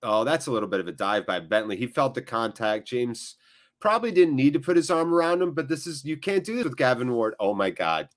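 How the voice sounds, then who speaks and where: An American man hosts a live football watchalong, reading the chat and calling the plays. His pitch sits in the ordinary male middle, and he's jokey and animated, with quick bursts of play-by-play.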